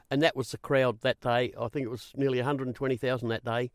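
A man's voice: medium pitch, quick pace, few pauses, dry recording, clean studio sound. Australian man spinning racing yarns. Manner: animated, repeats "I said" while retelling. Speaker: guest, former racing interviewer. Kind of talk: storytelling in an interview.

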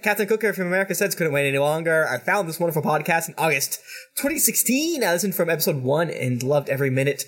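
A man's voice: on the high side, animated, fast talker, fairly bright tone. A man hosting a podcast, reading listener reviews aloud in a playful way, with jokey asides.

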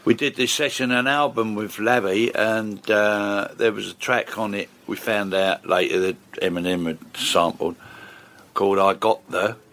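An older man, a session bass player chatting and rambling through stories as an interview guest. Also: fairly even intonation, measured pace, fairly bright tone. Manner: chatty, rambling, lots of fillers and restarts. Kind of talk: casual storytelling interview.

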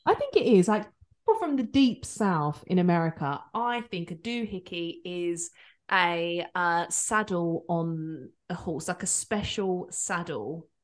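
A woman's voice: lowish voice, expressive, unhurried. A woman co-hosting a podcast in casual chat, self-deprecating and often laughing. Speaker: podcast co-host.

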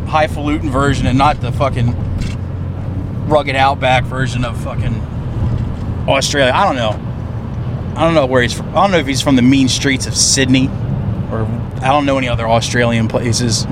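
A man's voice: medium pitch, moderate pace, pauses often. A man co-hosting a podcast in a moving car, chatting casually and ranting with lots of swearing. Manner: profane, animated ranting. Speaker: podcast co-host. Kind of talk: casual chat. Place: inside a car on the road. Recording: road and car noise.

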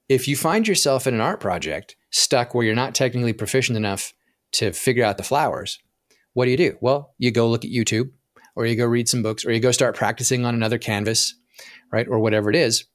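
A man's voice: medium pitch, fairly quick, no echo, studio quality. A man speaking as a podcast guest who explains with animation, acting out inner voices and often stumbling and restarting his sentences. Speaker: podcast guest, profit coach. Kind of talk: podcast interview conversation.

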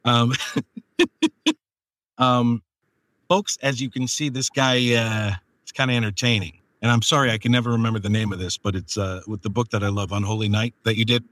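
A man's voice: mid-range voice, steady tone, normal speed, a bit bright, no room sound. A man hosting a podcast and interviewing a guest, rambling with many fillers and frequent laughter. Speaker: podcast host and audiobook producer. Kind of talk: casual interview chat.

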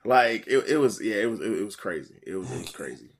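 A man casually telling a story in slang, animated, jumping to a higher voice when he quotes people. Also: fast, slightly rough.

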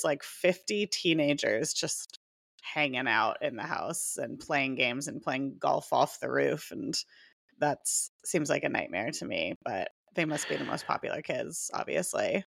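A woman's voice: low-pitched, vocal fry, a bit bright, dry recording, studio quality. A woman co-hosting a podcast, chatting casually, giggling and trailing off with fillers. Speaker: podcast co-host. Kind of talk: casual chat.

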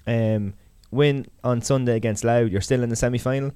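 A man's voice: mid-range voice, fairly even intonation, moderate pace, dark tone, clear, resonant tone, no echo, studio quality. An Irish man co-hosting a podcast, talking casually in a rambling, hesitant way. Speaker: podcast co-host. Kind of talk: casual chat.

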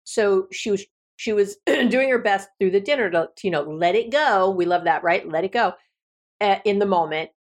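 A middle-aged woman therapist hosting a solo podcast, talking in a chatty, animated way with playful asides. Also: medium pitch, normal speed.

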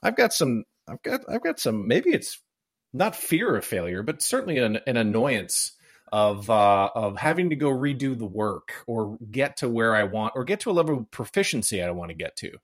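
A man hosting a podcast, speaking reflectively and haltingly with many fillers in casual interview chat. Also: medium pitch, big pitch swings. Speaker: podcast host.

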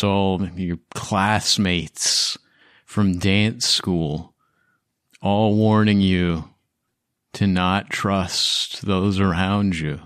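Low slow guy running the game, dry close sound. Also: clean tone, no room sound. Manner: slow, descriptive narration. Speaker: game master. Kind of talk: narrating a tabletop game.

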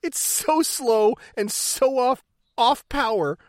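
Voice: medium pitch, expressive, slow, dry recording, clean studio sound. A speaker in casual, profane chat, recapping a movie with laughter and acted-out lines. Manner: profane, laughing, acts out characters.

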